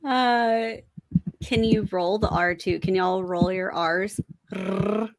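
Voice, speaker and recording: A woman's voice: medium pitch, slow, dry recording. A woman co-hosting a casual live stream chat, laid-back and giggly.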